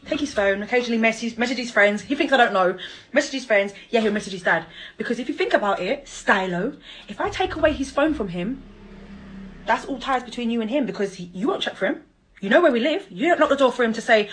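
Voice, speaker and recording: A woman ranting at her child's father on a live stream, confrontational and mocking, swearing and bursting into loud laughter. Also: on the high side, animated, fast talker, poor audio. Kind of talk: angry live-stream rant.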